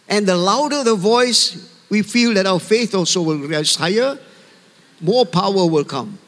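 A man's voice: high voice, expressive, normal speed, fairly bright tone. A man pastor giving an earnest, conversational sermon to a church, often calling for amen. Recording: long hall reverb.

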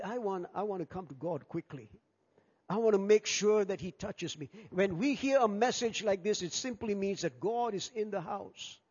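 A man preaching a sermon as pastor, animated and acting out the people in his story. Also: high-pitched. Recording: dull sound with long hall reverb.

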